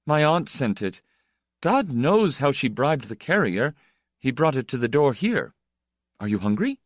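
A man's voice: medium pitch, big pitch swings, a little slow, no room sound. A man voicing an earnest, plain-spoken young man from the country with a dry humor. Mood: friendly.

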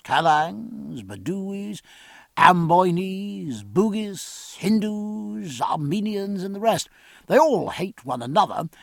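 A man's voice: high voice, creaky, dry recording, pitched above the performer's own voice, heavily acted. A man voicing a genial colonial governor.

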